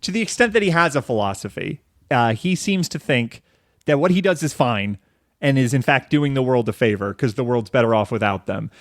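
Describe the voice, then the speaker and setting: A man's voice: medium pitch, lively intonation, a little fast, no echo, studio quality. A man hosting a casual film podcast, talking in a rambling, profane way with lots of fillers and restarts. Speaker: podcast host.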